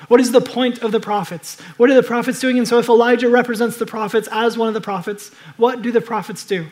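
A man preaching a sermon, moving between loud urgent exhortation and hushed, reflective passages. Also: very high-pitched, steady tone, fast. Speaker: pastor.

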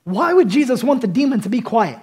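A man preaching a passionate sermon, swinging between loud emphasis and quiet intensity. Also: extremely high pitch, very animated, a little fast, slightly rough. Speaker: pastor.

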